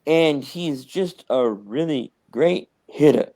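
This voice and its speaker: Man, high voice, animated rambling sports chat, podcast co-host. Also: slow pace, slight background noise. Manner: animated, rambling, mock-quotes others.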